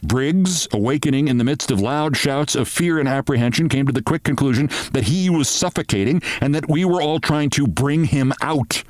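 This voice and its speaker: A man hosting a podcast, reading a short story aloud in a measured, expressive way. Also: mid-range voice, dry recording. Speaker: podcast host.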